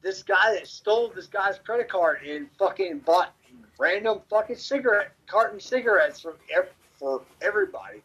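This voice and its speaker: A man from Memphis, telling a story as a podcast guest in a rambling, animated way and swearing constantly. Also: high-pitched, normal speed, slightly rough, highs cut off. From Memphis, Tennessee. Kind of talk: casual storytelling.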